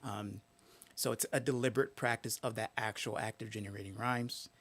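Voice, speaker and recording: A man's voice: lowish voice, steady tone, a little fast, fairly bright tone. A man hosting a casual live stream, thinking aloud and muttering words to himself as he works through a list.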